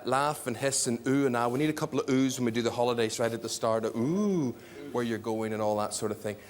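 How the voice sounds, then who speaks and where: A man with a Northern Irish accent, a game show host chatting casually to a studio audience in a dry, teasing way. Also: mid-range voice. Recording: studio with crowd and noise.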